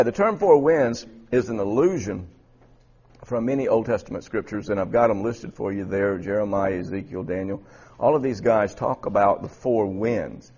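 A man with a husky voice teaching a Bible study class, often repeating words and quizzing his students. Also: fairly low pitch, darkish tone, highs cut off.

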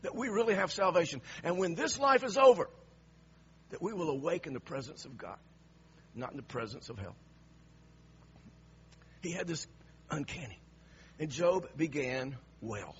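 A man preaches a sermon, letting his voice sink low and quiet before climbing to raised, emphatic lines. His voice sits a little higher than most men's. The recording is slightly muffled, with a faint hum underneath. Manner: preaching with big swings between hushed and raised, emphatic lines.

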